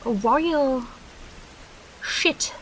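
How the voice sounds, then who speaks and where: A woman's voice: high-pitched, very slow, a bit bright, a little hiss or hum, heavily acted, low-quality recording. A woman voicing a prim, scandalized neighbour gossiping, drawn out and outraged. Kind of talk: comic put-on voice on a live stream.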